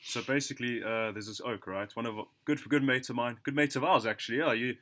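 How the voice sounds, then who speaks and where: A young man from South Africa tells a story on a casual podcast. His voice is bright and forward, and he talks in a laid-back, slangy way, laughing often between lines. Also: mid-range voice, fast. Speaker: podcast co-host.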